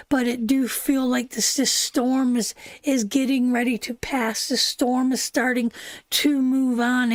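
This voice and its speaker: A woman's voice: on the high side, no echo. A woman giving a live tarot reading in a soothing, repetitive way, calling the listener sweetheart and answering chat messages. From Canada. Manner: soothing, repeats "sweetheart", reads chat aloud. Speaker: tarot reader.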